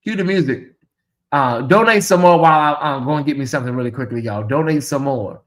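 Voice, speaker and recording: A man hosting a casual livestream, sassy and animated, often mimicking voices. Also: medium pitch, a little fast. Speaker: host.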